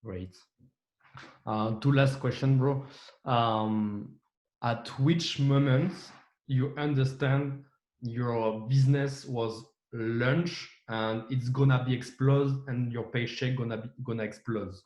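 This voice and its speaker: A man's voice: medium pitch, steady tone, darkish tone. Hesitant male interviewer, roomy sound. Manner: hesitant, halting, many fillers. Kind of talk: interview questions. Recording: roomy, dull audio.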